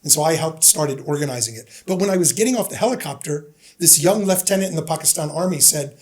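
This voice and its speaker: A man's voice: on the high side, fast. An American man in his fifties, a podcast guest telling stories in a casual interview and acting out the people he quotes. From United States. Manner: animated storyteller who acts out the people he quotes.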